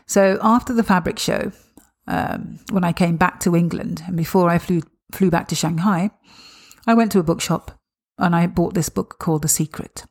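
A woman's voice: lowish voice, normal speed. A woman hosting a podcast, telling her own story in a reflective, earnest way, often repeating words and adding "you know". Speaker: podcast host. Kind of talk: personal storytelling monologue.

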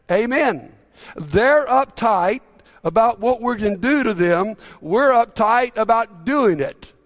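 A middle-aged pastor with a notably high voice delivers a sermon, retelling a story in a chatty, storytelling way. He often stumbles and restarts his sentences and tosses questions out to the congregation. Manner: conversational storytelling with repeated restarts and audience questions.

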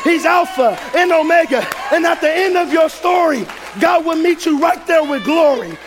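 Man, preacher, very high voice, animated pitch, shouting sermon. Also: moderate pace, crowd noise. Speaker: pastor.

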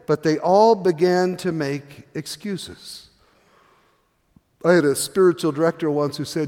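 A man's voice: a little high, animated, moderate pace. A middle-aged man preaching a sermon as pastor, telling a story with many fillers and restarts. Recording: long hall reverb.

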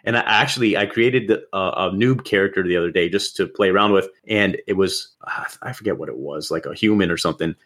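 A man co-hosting a casual gaming podcast, calmly explaining a game zone and its monsters. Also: sits low. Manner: relaxed, explanatory, lists things at a measured pace. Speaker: podcast co-host.

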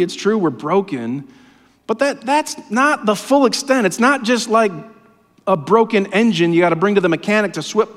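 A man preaching a sermon, impassioned and often dropping to a hushed, low voice. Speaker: pastor. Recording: long hall reverb.

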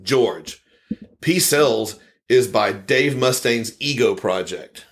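A man's voice: medium pitch, slow. A man hosting a podcast, reading listener comments aloud in a casual, rambling way and chuckling often. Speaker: podcast host.

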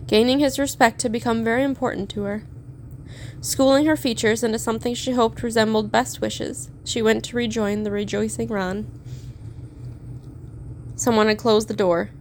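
A woman narrating a story aloud in a steady, measured reading. Her voice sits fairly high, with a faint hiss underneath. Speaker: fan fiction reader.

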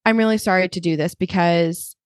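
A woman's voice: on the low side, a little fast, dry recording, clean studio sound. A woman co-hosting a podcast in casual chat, rambling and jumping from topic to topic. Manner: rambling, jumps between topics. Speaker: podcast co-host.

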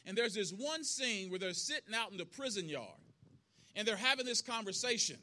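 Bright, high-voiced preacher. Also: male voice, expressive. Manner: earnest, rhythmic repetition, quick bursts. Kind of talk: storytelling sermon. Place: outdoor church service.

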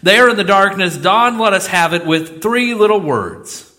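A middle-aged male pastor preaching a sermon in a church, swinging between loud exclamations and soft asides. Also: high-pitched, lively intonation, measured pace. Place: church sanctuary.

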